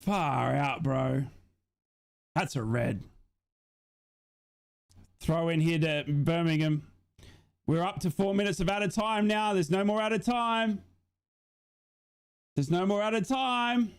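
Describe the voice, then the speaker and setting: A man's voice: high-pitched, slow, creaky, pauses often, clean tone. A young man doing live fan commentary on a football match as a watch-along streamer, passionate, swearing and emotional.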